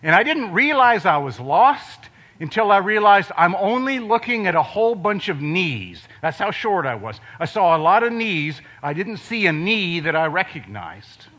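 Bright-voiced older man preaching a sermon. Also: sits high, very animated, normal speed, few pauses. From Ohio, USA. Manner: conversational preaching with sudden drops to quiet emphasis.

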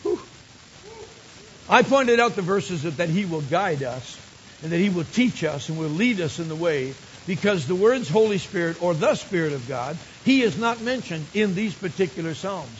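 A man's voice: high voice, lively intonation, normal speed. An older man preaching a sermon, telling stories and rising to emphatic exclamations. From Michigan. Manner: storytelling, builds to emphatic exclamations. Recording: dull lo-fi recording with faint hiss.

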